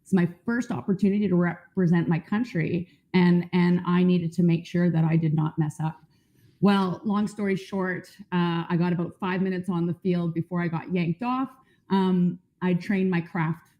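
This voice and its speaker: A woman's voice: fairly low pitch, steady tone, moderate pace. A woman from Canada, a panel guest, telling her own story in an earnest, reflective way with some filler ums. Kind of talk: personal storytelling. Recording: dull lo-fi sound.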